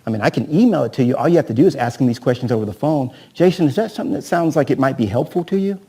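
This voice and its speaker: A man's voice: mid-range voice, racing, slightly rough. A man training real estate agents at a live seminar. He talks energetically, keeps asking "right?" and acts out sales scripts with a volunteer from the audience. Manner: energetic, peppers talk with "right?" and questions to the audience.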